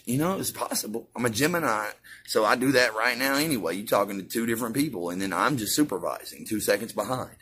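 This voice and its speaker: A man delivering a profane, ranting monologue as a vlogger, swinging between loud preaching and hushed musing. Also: on the low side, animated, quick pace, a little hiss or hum.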